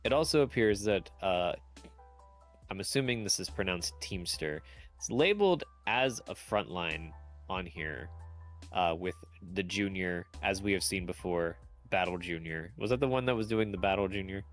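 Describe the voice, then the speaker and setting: A man's voice: low-pitched, normal speed, faint music behind. A man doing casual esports commentary, rambling and self-deprecating, often laughing as he talks. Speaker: tournament commentator.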